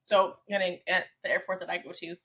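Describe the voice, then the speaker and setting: A woman's voice: lowish voice, flat delivery, brisk, muffled recording, crowd noise. A young woman co-hosting a podcast, chatting casually in an easygoing, supportive way. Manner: easygoing, supportive listener with frequent backchannels. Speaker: podcast co-host. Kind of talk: casual chat.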